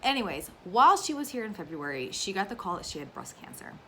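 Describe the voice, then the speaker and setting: A woman's voice: medium pitch, very animated, fast, a bit bright, a little hiss or hum. A woman in her thirties chatting casually and emotionally about her crafts to her viewers at home, with lots of fillers. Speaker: cross-stitch vlogger. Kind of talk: casual chat to camera.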